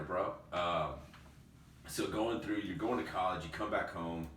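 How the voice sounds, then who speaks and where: Deep-voiced man telling lively stories. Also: normal speed. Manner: animated, laughing often, says dude and bro. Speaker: podcast host. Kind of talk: casual storytelling chat. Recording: roomy echo, distant mic, faint noise.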